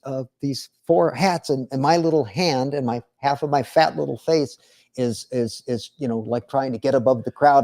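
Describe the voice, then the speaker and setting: An older man, a retired school principal, telling animated stories on a live podcast and laughing through them. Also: fairly high pitch. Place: studio.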